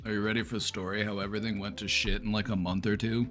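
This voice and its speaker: Low-voiced man chatting casually. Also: level tone, fast, fairly bright tone, faint music behind. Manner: rambling, filler-heavy, easygoing. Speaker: streamer host. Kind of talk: casual chat.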